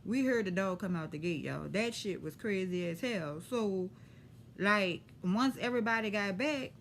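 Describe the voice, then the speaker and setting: A woman with a New Orleans accent telling a story to camera in a lively, profane, slangy way. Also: mid-range voice, moderate pace, slight background noise. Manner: animated, profane, street slang. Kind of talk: casual storytime.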